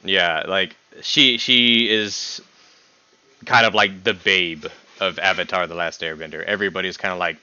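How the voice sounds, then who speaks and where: A young man hosts a home-stream podcast at a measured pace, his fairly low voice smooth until excitement makes it jump in pitch. Casually ranking characters with a guest, he's animated, teasing, and quick to laugh. The recording is dry and bright, though a bit dull and lo-fi.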